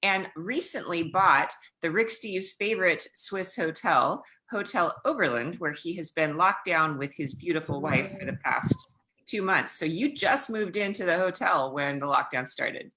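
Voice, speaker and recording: A woman's voice: on the low side, a little slow, pushed and bright. A woman hosting a casual video call chat, upbeat and chatty with many fillers. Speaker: host.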